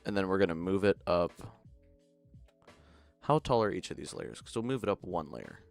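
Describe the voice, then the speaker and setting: A man's voice: sits low, sing-song, normal speed, vocal fry, a little mellow, soft background music. A young man around twenty, giving mumbled running commentary as he builds in a game stream. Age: young adult.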